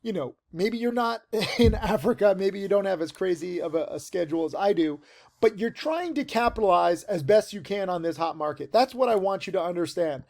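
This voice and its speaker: High, gravelly-voiced man rambling about trading. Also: expressive, brisk, darkish tone. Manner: rambling, filler-heavy, emphatic. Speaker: stock trading teacher. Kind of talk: casual video monologue. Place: tent outdoors.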